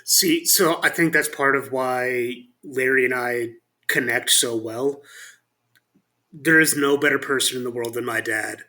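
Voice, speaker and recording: Male co-host, mid-pitched, very bright tone, earnest casual talk. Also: steady tone, unhurried. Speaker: podcast co-host. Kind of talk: casual conversational chat.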